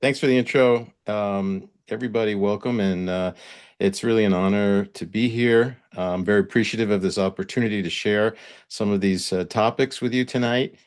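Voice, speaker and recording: A man who is the guest dentist at a webinar, speaking in a relaxed, friendly and measured way over a video call. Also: fairly low pitch, clean tone. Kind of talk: casual chat, then lecture opening.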